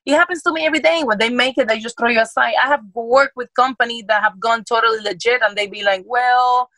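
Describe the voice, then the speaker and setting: A woman's voice: on the high side, quick pace, sharp tone, dry recording, rough recording. A woman guest, an adult film performer, talking bluntly and profanely in casual chat.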